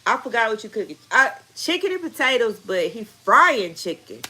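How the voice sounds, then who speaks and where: A woman's voice: on the high side, animated, normal speed, heavy background noise. A woman in her thirties, a mother, chatting casually with her viewers, calling them y'all and laughing often. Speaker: vlogger reading viewer comments. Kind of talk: casual live chat with viewers.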